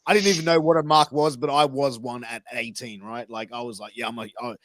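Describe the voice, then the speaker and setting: A man's voice: medium pitch, steady tone, fairly quick, a bit bright. A man, hosting a podcast and telling a long, sweary, rambling story. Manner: swearing, rambling anecdotes with acted quotes. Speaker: podcast host. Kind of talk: casual storytelling.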